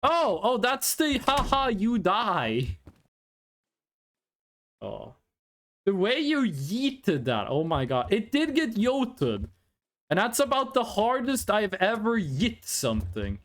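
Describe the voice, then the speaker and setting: A man's voice: high-pitched, wildly swooping pitch, takes it slowly, fairly bright tone. A man rambling playfully while streaming a driving game, joking and humming tunes. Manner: playful, rambling, sings snatches of songs. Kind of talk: casual live-stream gameplay chat.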